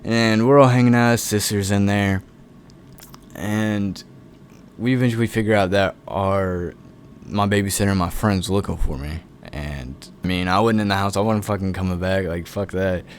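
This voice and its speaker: A man's voice: lowish voice, moderate pace, slight background noise. Laid-back, profane young man telling a story. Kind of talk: casual storytime.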